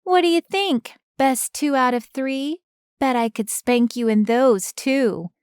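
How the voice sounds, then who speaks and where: A cheeky nine-year-old girl, smug and playful, her voice bouncing high and light, as a woman narrator puts her on. She sounds smooth and close, with no room around her. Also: takes it slowly, darkish tone, dry recording. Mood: teasing. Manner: teasing, bouncy kid voice.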